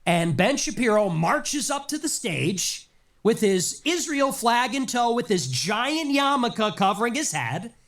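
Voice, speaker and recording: A man's voice: very high voice, sing-song, unhurried, fairly bright tone. A man giving a sarcastic, mocking political commentary monologue, fighting a lingering cough and leaning hard on emphatic lists. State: nagging cough.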